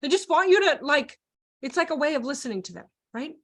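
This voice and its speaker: A high-pitched woman presenting a child care training over a video call. She talks animatedly, laughs often, and slips into acted-out voices mid-story. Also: animated, brisk, a bit bright. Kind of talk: live online training presentation.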